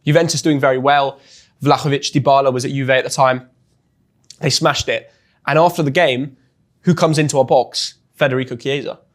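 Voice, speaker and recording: A young man from England with an English accent, telling a story as a guest in an interview with lively, chatty energy and frequent restarts. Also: mid-range voice, normal speed. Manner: chatty and animated, often restarts words. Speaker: guest, football influencer.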